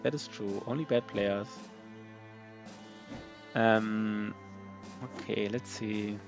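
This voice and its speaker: A man's voice: on the low side, fairly even intonation, very slow, gravelly, over music. A man streaming a strategy game live, answering his chat in a loose, rambling way with many fillers and restarts. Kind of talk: casual live-stream chat while gaming.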